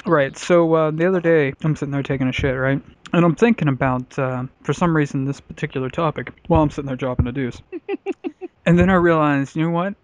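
A man's voice: fairly high pitch, fairly quick, dry recording. Rambling man telling a crude story. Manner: rambling, full of filler words. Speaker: podcast host telling a story. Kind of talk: crude casual chat. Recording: dull, lo-fi podcast audio.

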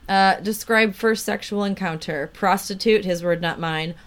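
A woman's voice: mid-range voice, moderate pace. A young woman co-hosting a podcast, reading out answers with profane, laughing remarks. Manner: profane, laughing, reads questionnaire answers aloud. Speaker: podcast co-host. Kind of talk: casual chat.

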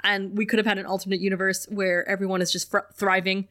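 A young woman co-hosting a podcast recaps an episode in casual conversation, laughing often and reading quotes in lively voices. She has a mid-range voice and talks fast.

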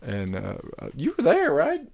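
A man's voice: fairly high pitch, wildly swooping pitch, normal speed, creaky, a little mellow, no room sound. A man, co-hosting a casual chat and telling rambling stories full of restarts and the odd swear word.

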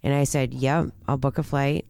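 Woman, earnest and halting, smooth resonant voice, dry close sound. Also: very deep voice, little pitch movement, warm tone, no echo. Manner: halting, many restarts and fillers, earnest. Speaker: guest telling her recovery story. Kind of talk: personal storytelling in conversation.

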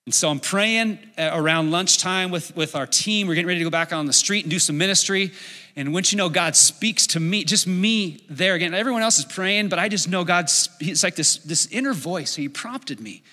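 A middle-aged man preaching a sermon as a pastor, telling a story in an animated way and acting out his own inner voice. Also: high-pitched, moderate pace. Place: church sanctuary. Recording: long hall reverb.

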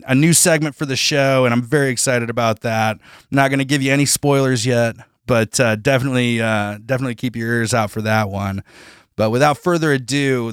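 A man's voice: mid-range voice, clean tone, no echo. Guy hosting a living room comedy night, rambly and swears a lot, dry mic. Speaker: show host. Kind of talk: casual stand-up show introduction.

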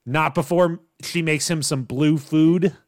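A man co-hosting a casual podcast, recapping plot in a relaxed way and laughing often. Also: on the high side, slow pace, dry recording, clean studio sound. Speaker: podcast co-host. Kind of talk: casual chat recapping a TV show.

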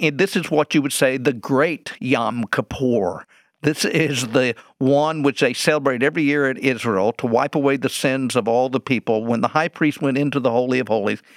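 Man, bible teacher, interview explanation, rhetorical questions, mid pitch, dry close sound. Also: no room sound. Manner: teacherly, poses rhetorical questions and answers them.

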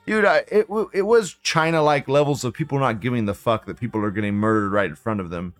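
A man hosting a live show, reading forum posts aloud and reacting in an excitable, profane, rambling way. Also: mid-range voice, fairly quick, faint music behind. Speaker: livestream host.

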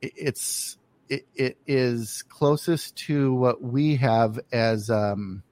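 This is a man hosting a relaxed interview, with a mid-pitched voice of ordinary brightness. He talks loosely, piling up "um"s and restarting his sentences as he works his way to the question. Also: very slow. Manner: hesitant, lots of fillers and restarts. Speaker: podcast host. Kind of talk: casual interview chat.

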